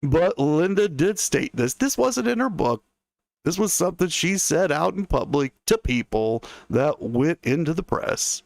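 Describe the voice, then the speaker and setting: A man hosting a history stream in a relaxed, conversational way, stopping often for musing asides to his audience. His voice sits a little high for a man. It is recorded close and dry, with almost no room sound. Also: unhurried, creaky, no room sound. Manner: chatty, musing asides to viewers. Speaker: history show host. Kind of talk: casual livestream history narration.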